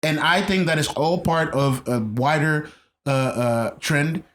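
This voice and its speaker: A man's voice: on the high side, measured pace, fairly bright tone. A man co-hosting a casual podcast, talking emphatically, repeating himself and restarting sentences. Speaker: podcast co-host. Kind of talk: casual chat.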